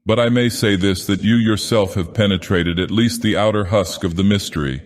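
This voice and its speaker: A man voicing a middle-aged gentleman who talks in a soothing, persuasive, genial manner. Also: lowish voice, moderate pace, close to an everyday voice. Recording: long reverb.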